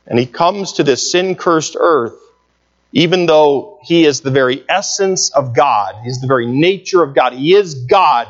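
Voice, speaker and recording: Man preaching, fairly high voice, emphatic, repeats key phrases, reads scripture, muffled lo-fi sound. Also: unhurried. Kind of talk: sermon.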